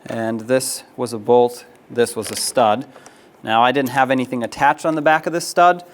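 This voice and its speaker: A man's voice: medium pitch, steady tone, normal speed, slight background noise. A man narrating a hands-on auto repair tutorial, practical and step-by-step, with casual fillers. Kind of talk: instructional how-to narration.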